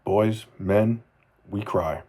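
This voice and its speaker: A man in his forties speaking earnestly to his children in a personal video journal, repeating phrases for emphasis and often dropping to a soft voice. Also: extremely slow. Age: 40s. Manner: earnest, heartfelt, often drops to a soft low voice.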